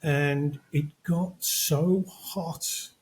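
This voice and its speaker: A man's voice: on the high side, fairly even intonation, drawn-out words, poor audio. An older man, chatting casually as podcast co-host and retelling film stories. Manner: storytelling, acts out quotes from films. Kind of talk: casual chat.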